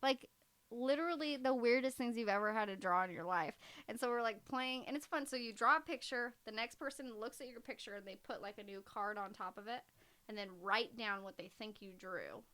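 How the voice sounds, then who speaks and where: A woman co-hosting a podcast in casual chat, talking fast and loose with lots of "like" and frequent laughter. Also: fairly high pitch, a bit bright. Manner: chatty, heavy use of "like", laughs often. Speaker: podcast co-host.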